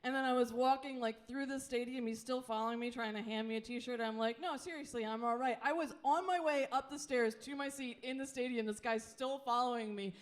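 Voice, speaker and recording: A woman's voice: a little high, fairly even intonation, brisk, hardly any pauses. A woman in her late thirties with a Philadelphia accent doing a live stand-up set, chatty and self-deprecating, laughing through her lines. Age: late 30s. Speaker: stand-up comedian. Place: comedy club stage.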